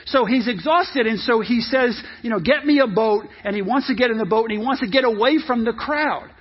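A male pastor giving a lively, emphatic sermon and telling the story with animation. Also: very high voice, a little fast, slightly rough. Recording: muffled lo-fi recording.

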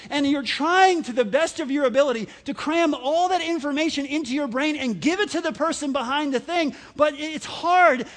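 High-voiced man preaching a funny story. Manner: animated storytelling, laughs at own jokes, mimics voices. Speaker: pastor. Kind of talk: humorous sermon.

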